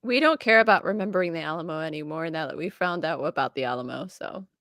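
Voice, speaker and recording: A woman co-hosting a casual livestream chat, playful and teasing with quick reactions. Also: deep voice, fairly bright tone, dry recording, studio quality. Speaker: co-host.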